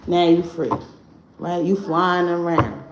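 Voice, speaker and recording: Woman chatting on a home livestream, lively and cussing, echoey room with a bit of noise. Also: on the low side, slow pace. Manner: animated, profane, laughing often. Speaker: livestream host. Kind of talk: casual spiritual livestream talk.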